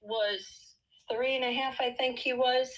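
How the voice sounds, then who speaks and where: A woman in her fifties joins a casual livestream chat and tells a long personal story. She talks readily and laughs between points, with a voice a bit higher than usual. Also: fairly even intonation, measured pace, a bit bright, low-quality recording. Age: 50s. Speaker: livestream participant, mother. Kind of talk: casual group livestream talk.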